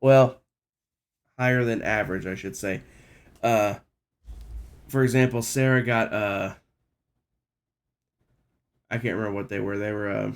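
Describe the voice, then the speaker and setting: Sick, nasal man with a low gravelly voice. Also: steady tone, measured pace, long pauses. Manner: rambling, self-deprecating, clears throat often. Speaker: streamer. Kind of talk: casual live-stream chat.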